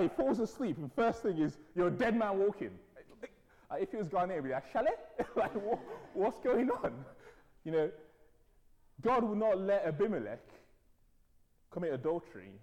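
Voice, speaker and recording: A man preaching a sermon, telling stories with conversational asides. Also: a little high. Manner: animated storytelling, conversational asides. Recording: hall reverb.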